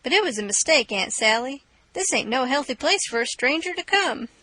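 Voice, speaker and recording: A cheeky young boy pretending to be humble and innocent, voiced by a woman reader. He pleads slyly in a high, bright voice, recorded close and dry. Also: animated, brisk, no echo, heavily acted. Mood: mock-humble. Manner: mock-humble, sly pleading.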